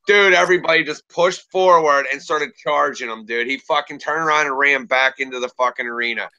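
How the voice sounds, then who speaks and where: A man's voice: fairly high pitch, brisk, sharp tone, muffled recording. A man in a casual chat, telling a laid-back, profane story.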